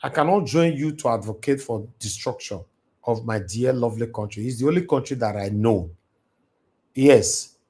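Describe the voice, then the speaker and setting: A man's voice: mid-range voice, normal speed, warm tone, breathy edge. Impassioned Nigerian Pidgin-speaking man. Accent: Nigerian Pidgin English. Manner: preachy, impassioned, switches into Pidgin. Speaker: live stream host. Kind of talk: livestream monologue. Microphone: home livestream mic.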